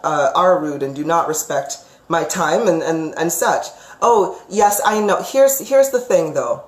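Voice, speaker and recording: Affectionate psychic woman in an echoey room. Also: deep voice. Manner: affectionate, calls viewers sweetheart; chatty and rambling, with frequent fillers and restarts. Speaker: psychic reader. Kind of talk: live-streamed psychic reading.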